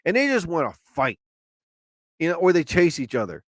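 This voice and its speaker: A man's voice: fairly high pitch, a little fast, no echo. A man hosting a live show, rambling through everyday stories and acting out the quotes. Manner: animated storyteller, acts out quotes. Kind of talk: rambling solo chat.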